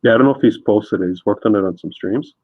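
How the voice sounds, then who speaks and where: A husky, fairly low-voiced man rambling easily with lots of fillers as he paints and chats on a live stream. The sound is thin and phone-like, with no room echo at all. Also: fast talker. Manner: rambling, laid-back, frequent fillers. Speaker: streaming artist host. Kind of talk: casual chat while painting. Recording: tinny phone-like sound, dry.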